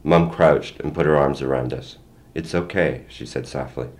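An older man reading his own first-person story aloud in a plain, measured way. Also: rumbling low, steady tone, a little mellow. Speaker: memoir reader.

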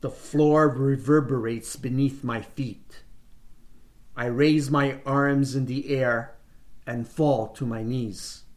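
A man reads a first-person short story aloud at an unhurried, deliberate pace. His delivery stays measured, in a mid-range voice. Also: medium pitch, steady tone. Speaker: reader.

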